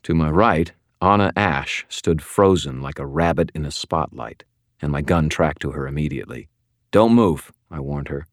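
Very deep-voiced man narrating a story. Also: no echo, studio quality. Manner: measured, steady storytelling with sudden shouted outbursts. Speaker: audiobook narrator. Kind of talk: first-person scripted narration.

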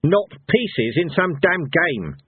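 A man voicing an old, gruff, hot-tempered barbarian hero who growls and snaps his words. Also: a little high, sing-song, moderate pace, dry recording, voice pushed up. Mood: raging. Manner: growling, snapping, shouting in rage. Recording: tinny phone-like sound.

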